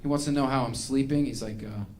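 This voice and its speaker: A man's voice: medium pitch, fairly even intonation, fast talker, a little mellow. A male stand-up comedian performing a ranting, exasperated set.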